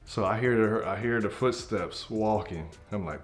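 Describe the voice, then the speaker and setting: A young man telling a comedic story from his childhood, acting out the scenes and dropping into hushed tones. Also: lowish voice, moderate pace, faint music behind. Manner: animated, acts out scenes, drops to hushed tones. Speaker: comedy group member.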